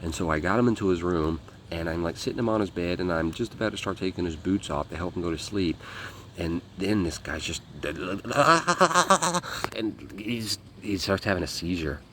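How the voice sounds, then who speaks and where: A man with a fairly low voice tells a story as an interview guest. He talks casually and with a lot of energy, acting out what people said and swearing freely. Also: brisk, slight background noise. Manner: animated, acts out quotes, swears freely.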